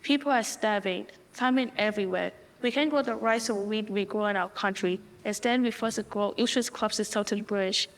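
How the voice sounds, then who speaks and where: A woman's voice: mid-range voice, a little fast, hardly any pauses, natural voice. An actress playing a determined Indian mother who speaks firmly and earnestly. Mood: impassioned. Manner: firm, earnest. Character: determined Indian mother, principled adult woman. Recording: hall reverb, faint ambience.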